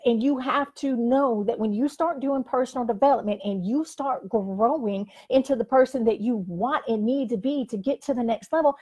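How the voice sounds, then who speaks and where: A woman's voice: sits high, a little mellow. An older woman who coaches people, giving a frank, emphatic motivational talk to a camera and saying "like" often. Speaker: life coach. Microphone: facing the camera.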